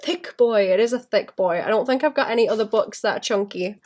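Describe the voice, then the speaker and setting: A woman who illustrates, chatting casually and thinking aloud while she draws, rambling and laughing softly. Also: mid-range voice, a little fast. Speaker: illustrator streaming while drawing. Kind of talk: casual chat while drawing.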